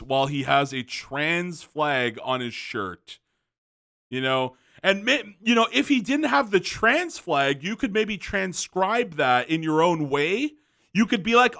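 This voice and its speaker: A man's voice: fairly high pitch, expressive, a little slow, pushed and bright. A man hosting a commentary video, ranting angrily with profanity, fillers and restarts.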